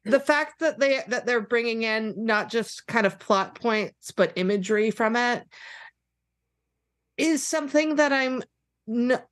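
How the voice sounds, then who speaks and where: A woman's voice: on the high side, measured pace, a bit bright, dry recording, clean studio sound. A woman co-hosting a podcast, talking casually and wryly, with many fillers like "you know". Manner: chatty, full of "like" and "you know", wry. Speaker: podcast co-host. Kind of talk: casual review chat.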